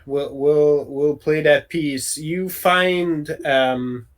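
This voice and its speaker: A man as game master, narrating a tabletop game over a voice call in a relaxed way with many pauses and ums. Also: a little high, low-quality recording.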